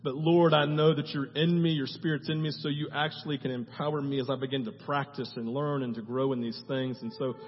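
A man preaching a sermon as pastor, swinging from hushed tones to loud, fervent prayer and often asking the audience "right?". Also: medium pitch, fairly even intonation, brisk, few pauses, slightly rough. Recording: dull, echoey church hall.

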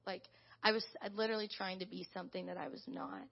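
A young woman gives a chatty, animated testimony to her church, leaning on "like" as she talks. Her voice has a steady gravelly fry. The sound is dull and lo-fi. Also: mid-range voice, fast. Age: young adult. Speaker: church intern. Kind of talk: casual spoken testimony to a congregation.

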